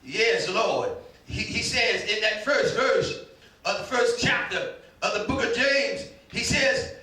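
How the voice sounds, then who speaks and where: A male pastor preaching a sermon with fervent shouting and half-sung lines, often stumbling over repeated starts. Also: very high voice, lively intonation, slow pace. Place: church sanctuary. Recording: very echoey room, mic at a distance.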